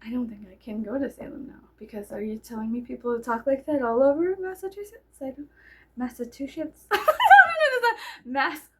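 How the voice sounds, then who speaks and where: Gal rambling through a storytime, giggles a lot, cusses, slightly high voice. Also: female voice, brisk, noisy background. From Texas. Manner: rambling, giggly, swears freely. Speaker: storyteller vlogger. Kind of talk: casual storytime chat.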